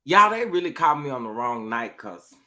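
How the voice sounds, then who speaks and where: A man's voice: mid-range voice, big pitch swings, normal speed, sharp tone. A young man, a little tipsy and sassy, hosting a casual live stream, repeating his phrases with a drawl and greeting viewers in the chat. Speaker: livestream host.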